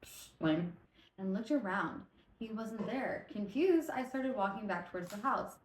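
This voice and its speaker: A woman hosting a casual storytelling podcast, tipsy from vodka, retelling stories in an animated, rambling way with swearing and stumbling self-corrections. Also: medium pitch, unhurried, reverberant, low-quality recording. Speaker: podcast host.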